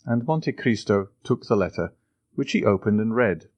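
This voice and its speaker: A male audiobook narrator reads in a steady storytelling manner, his mid-pitched voice rising and falling with lively movement. The recording is close and dry, with no room echo. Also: normal speed. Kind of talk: scripted narration.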